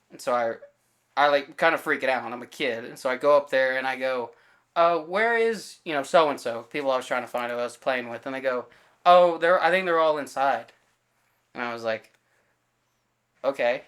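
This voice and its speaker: In a relaxed podcast chat, this co-host acts out the dialogue of each person in his story, stumbling through fillers and correcting himself along the way. His voice is medium in pitch and a bit bright.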